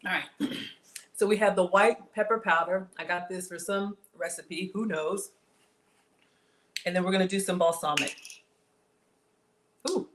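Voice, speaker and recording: A woman's voice: fairly low pitch, fairly even intonation, unhurried, pauses often, a bit bright, a little hiss or hum. A woman hosting a casual cooking livestream, chatting with viewers about her food and reading their comments. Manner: chatty, reads viewer comments, says y'all.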